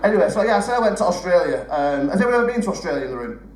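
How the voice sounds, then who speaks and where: A young man does live stand-up on a theatre stage, his high voice swinging widely in pitch as he talks very fast. Chatty and swearing freely, he teases the crowd, picked up far from the mic with roomy theatre sound.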